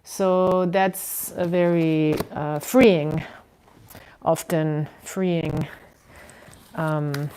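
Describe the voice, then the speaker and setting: Slow, low-voiced woman reading tarot. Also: steady tone, a little hiss or hum, low-quality recording. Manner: unhurried and musing, with many ums and soft laughs. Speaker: tarot reader. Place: indoors at home.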